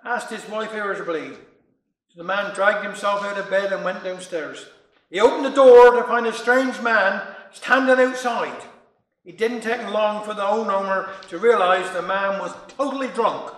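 Brief: male storyteller, high bright voice, roomy echo. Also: normal speed. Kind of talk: dialect joke telling.

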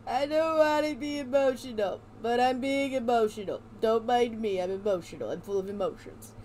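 A woman's voice: a little high, normal speed, a little mellow, slight background noise. A young woman giving joking, teasing commentary while playing a video game. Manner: sarcastic, teasing, playful. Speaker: gaming streamer. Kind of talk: joking let's-play commentary.

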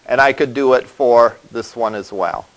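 A man's voice: mid-range voice, moderate pace, low-quality recording. A male college instructor giving a classroom lecture, explaining step by step and often checking in with "all right?". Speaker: college web development instructor.

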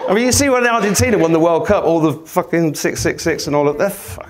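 A man's voice: fairly high pitch, expressive, fast talker, a crowd in the background. A man, giving a sweary, rambling, self-mocking comic talk to a live audience. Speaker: podcast host giving a talk.

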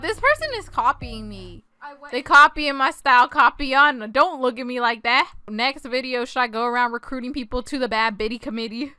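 A young woman giving casual, excitable gameplay commentary, often breaking into shrieks and laughter. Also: fairly high pitch, moderate pace, smooth, no room sound, faint music behind. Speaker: gaming YouTuber.

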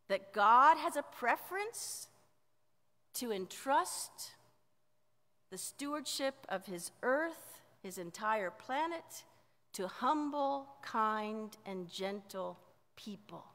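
A woman pastor preaching a sermon in a measured way, often letting line endings drop softly. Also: fairly high pitch, expressive. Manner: slow, measured preaching with soft dropped endings. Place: church sanctuary. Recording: church sanctuary with long reverb.

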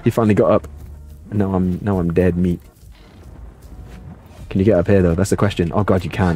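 A young man doing live gameplay commentary, playful and excitable, reading chat and yelping at the action. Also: a little fast, long pauses, slightly rough. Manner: playful and excitable, jumping to high yelps. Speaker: streamer.

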